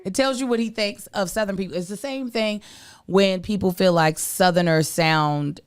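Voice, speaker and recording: A woman's voice: mid-range voice, moderate pace, smooth. A woman co-hosting a podcast, talking bluntly and outspokenly in casual chat. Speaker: podcast co-host.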